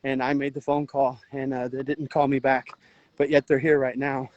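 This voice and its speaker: A man's voice: mid-range voice, little pitch movement, normal speed, a little mellow, highs cut off, slight background noise. Exhausted man livestreaming from a phone. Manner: urgent, earnest, rambling with restarts. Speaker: livestream host, veteran volunteer. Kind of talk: emotional outdoor livestream commentary. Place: outdoors at a river border.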